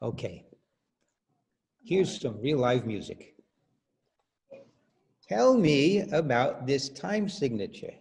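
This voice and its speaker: Choral director guy on a video call, slow and mellow, counts beats out loud. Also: mid-range voice, very animated, creaky. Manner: explains patiently, counts beats aloud. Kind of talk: online music workshop.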